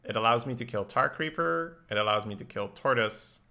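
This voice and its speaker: A man's voice: medium pitch, expressive, a little fast, creaky, pushed and bright. A man streaming a card game, talking through his plays in casual, analytical commentary and laughing easily. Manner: analytical, thinks aloud about plays.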